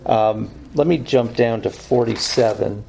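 A man's voice: mid-range voice, unhurried, vocal fry, darkish tone, a little hiss or hum, poor audio. A man teaching through Bible verses in a sermon style, earnest and explanatory, often correcting himself as he goes.

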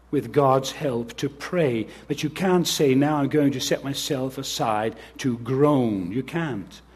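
A man's voice: medium pitch, darkish tone, slightly rough. A man preaching an earnest sermon as pastor, reading scripture and speaking directly to the children.

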